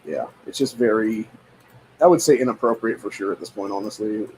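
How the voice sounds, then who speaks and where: A man's voice: on the low side, lively intonation, brisk, a little mellow, a little hiss or hum. A young man at home, ranting in a casual, profane, exasperated way with lots of repetition. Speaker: podcast host. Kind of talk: casual rant.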